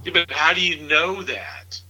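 A man's voice: fairly high pitch, a little slow, sharp tone, breathy edge, poor audio. A middle-aged man in casual political chat, rambling and incredulous, with frequent laughs.

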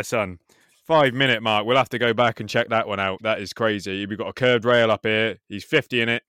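Excitable sweary man. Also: fairly low pitch, a little fast, smooth, no echo, clean studio sound. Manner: excitable, swears freely, says "mate" often. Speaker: co-host reacting to a skate video. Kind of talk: casual reaction commentary.

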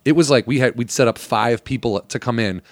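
A man's voice: medium pitch, a little fast, no echo. A man telling showbiz stories in casual chat, swearing and laughing as he goes.

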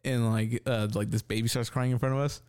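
A man's voice: mid-range voice, a little fast, smooth. A man telling a story in casual chat, swearing freely and acting out what people said. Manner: animated, swears a lot, acts out quotes.

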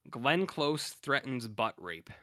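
A man's voice: mid-range voice, sing-song, slow, sharp tone. A man co-hosting a podcast, casually recapping a TV episode in a rambling way with lots of fillers and loose paraphrased quotes. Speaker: podcast co-host.

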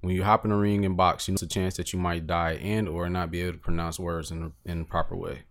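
Low-voiced man, relaxed casual talk. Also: quick pace. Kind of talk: casual chat.

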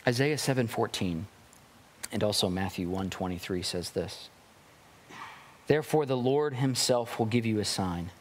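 A man's voice: on the low side, lively intonation, moderate pace, pauses often, long reverb tail, a little hiss or hum. A man pastor giving a sermon, reading scripture and preaching with emphatic rises and drops.

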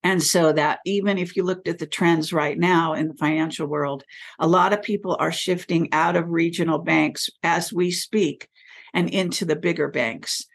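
A woman guest in an interview, speaking in a measured way and pausing often with fillers. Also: on the low side, steady tone, vocal fry, husky. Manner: measured, pauses with many fillers. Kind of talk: interview conversation.

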